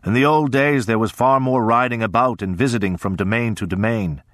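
A male narrator voicing a big, hearty, quietly threatening older lord, loud and genial in an audiobook reading. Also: medium pitch, a little fast, dry recording, natural voice. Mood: hearty, jovial. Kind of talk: audiobook character voice.

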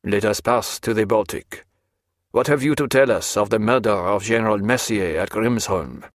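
A stern army major , as a male narrator puts him on, presses his questions in a cold, formal, measured voice. The reading is dry and close to the mic. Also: lowish voice, no echo, lightly acted. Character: stern interrogating army major, middle-aged man.

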